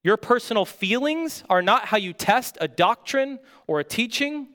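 A man's voice: very high-pitched, animated, normal speed, fairly bright tone. A pastor preaching a sermon in an earnest, emphatic way, asking his listeners rhetorical questions.

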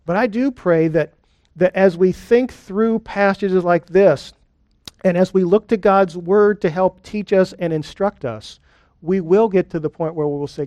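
Guy pastor preaching, fairly high voice, dry close sound, talks to the room like a friend. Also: a little mellow, dry recording. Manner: earnest, conversational preaching with deliberate pauses and lists. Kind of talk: sermon. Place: church.

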